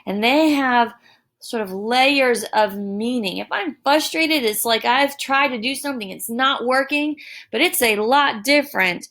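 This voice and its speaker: A woman teacher giving a recorded lesson, explaining deliberately with emphatic examples. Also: on the high side, fairly bright tone. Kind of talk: recorded distance-learning lesson. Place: home.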